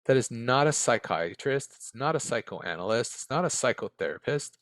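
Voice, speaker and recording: A former American case manager speaks at a moderate pace in a mid-range, slightly bright voice with lively intonation and no echo. Sitting in an interview room, he gives blunt, candid answers peppered with tag questions like "right?" and "okay?".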